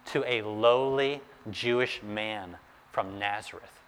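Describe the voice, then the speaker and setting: A man's voice: medium pitch, slow pace, clear, resonant tone. Man preaching with long reverb. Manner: animated storytelling, urging listeners to imagine the scene. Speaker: pastor. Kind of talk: sermon.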